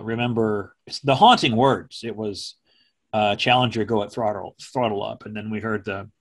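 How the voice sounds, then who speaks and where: A middle-aged man, a former television meteorologist, recalling events in a slow, measured way that turns emotional. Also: mid-range voice. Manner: slow, measured, speaking from the diaphragm. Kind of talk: emotional personal recollection.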